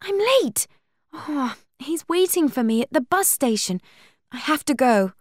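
A woman voicing an excitable teenage heroine, speaking urgently and with emphasis, in a slow, lively-pitched storybook reading. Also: no room sound, clean studio sound, exaggerated voice.

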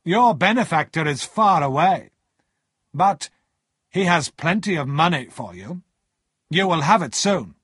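A man voicing a stern middle-aged male lawyer, clipped and precise, pitched higher than his own husky voice. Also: expressive, unhurried, long pauses, fairly bright tone, dry recording, clean studio sound, exaggerated voice.

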